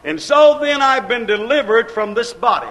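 A man delivering a sermon in a very high voice. He preaches in a repetitive, rhythmic cadence, stretching key words slowly and climbing to shouted peaks. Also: animated. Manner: preaching with slow, drawn-out stresses and shouted peaks.

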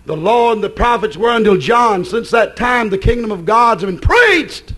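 High, excitable preaching man. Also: moderate pace, few pauses. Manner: excitable, shouts in bursts. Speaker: pastor. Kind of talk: preaching sermon.

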